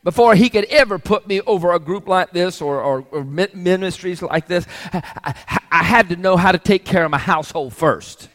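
A man's voice: sits high, normal speed, few pauses, a bit bright, in a large hall. A male pastor preaching a sermon, pressing the congregation with rhetorical questions.

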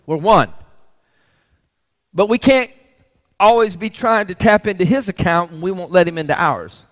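A man's voice: sits high, moderate pace, fairly bright tone, in a large hall. A male pastor preaching a sermon, pressing the congregation with rhetorical questions.

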